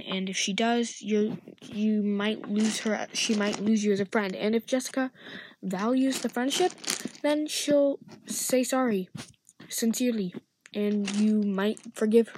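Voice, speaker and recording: A woman's voice: medium pitch, slight background noise, rough recording. Earnest woman giving casual advice. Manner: earnest, with frequent restarts. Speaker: host giving friendship advice.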